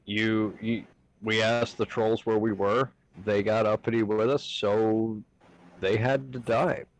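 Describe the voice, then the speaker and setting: A man's voice: fairly low pitch, flat delivery, takes it slowly, poor audio. A man playing in a tabletop game, telling a bluffing story in a matter-of-fact way. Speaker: player.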